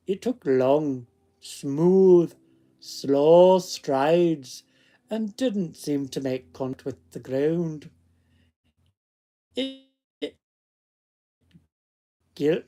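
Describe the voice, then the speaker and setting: A man's voice: a little high, very slow, long pauses, dark tone. A man reading ghost stories aloud in a put-on Scottish accent, chatting casually between passages. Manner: chatty asides that break off the reading. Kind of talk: casual read-aloud storytelling.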